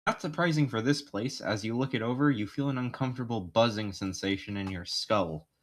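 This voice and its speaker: A man's voice: lowish voice, fairly quick. A man streaming, reading second-person narration aloud with joking asides, his voice slightly worn.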